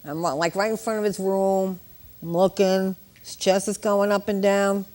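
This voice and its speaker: An older woman in her sixties leads a live exam-prep lecture for nurses. She teaches with a steady stream of jokes and chatty asides to the class. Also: medium pitch, measured pace. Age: 60s. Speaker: nurse educator.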